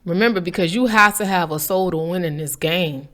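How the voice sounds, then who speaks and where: A woman, talking to viewers in a casual inspirational vlog, animated and preachy with a playful streak. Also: lowish voice, brisk. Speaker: faith vlogger. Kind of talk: casual inspirational talk to camera.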